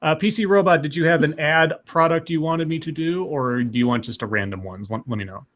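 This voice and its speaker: A man's voice: on the high side, a bit bright, dull audio. A man co-hosting a casual livestream, reading out donations and stammering often. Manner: stammering, quick to laugh.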